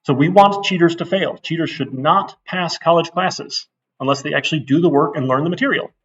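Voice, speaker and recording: A man's voice: a little high, brisk, fairly bright tone, slightly rough, distant mic, lo-fi sound. A middle-aged man giving a casual, blunt course intro lecture to a class, getting worked up as he talks. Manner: blunt, chatty, gets worked up. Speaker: university instructor.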